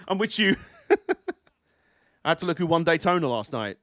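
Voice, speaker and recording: A man with a high, light voice gives live watch-along commentary on a motor race for his stream, bursting into laughter and swearing freely. He's excitable and quick to react, and the recording is dry and close with no room sound.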